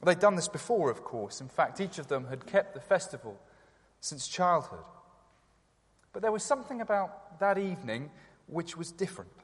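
A man preaching a sermon in church, gentle and reflective, with some hesitant fillers. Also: a little high, very animated, normal speed, slightly rough. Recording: long church reverb.

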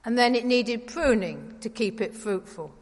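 A woman giving a conversational, gently wry sermon in church. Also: on the high side, lively intonation, a little slow. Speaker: preacher. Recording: reverberant church hall.

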